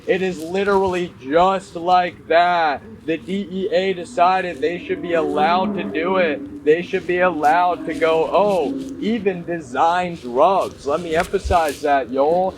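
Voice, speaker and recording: Brief: emphatic conspiratorial ranter, man, high voice, unhurried, background noise. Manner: emphatic, repetitive, addresses viewers as y'all; conspiratorial ranting. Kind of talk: casual commentary. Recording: noisy background.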